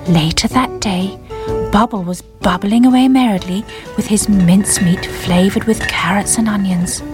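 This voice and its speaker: A woman narrating a children's storybook in a gentle, expressive way, with music behind. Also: mid-range voice, moderate pace.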